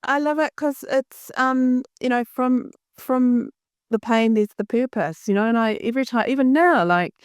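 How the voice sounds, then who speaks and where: A woman's voice: a little high, normal speed, smooth, no room sound, studio quality. A woman hosting a podcast, talking in a reflective way with spiritual phrasing. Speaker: podcast host. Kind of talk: reflective conversation.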